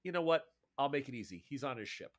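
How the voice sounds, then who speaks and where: A man's voice: mid-range voice, animated, quick pace. A man narrating as game master in a tabletop role-playing game.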